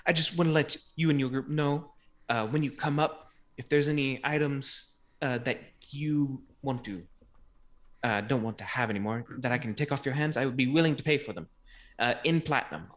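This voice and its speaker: Man voicing female priestess merchant, formal, courteous, halting, tabletop game. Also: medium pitch, lightly acted. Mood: businesslike. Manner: formal, halting offer with fillers.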